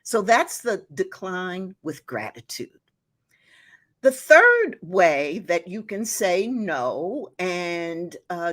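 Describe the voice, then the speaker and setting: A woman hosting a live-streamed advice show. She chats with viewers in an encouraging way, laughs often and uses a lot of "you know.". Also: lowish voice.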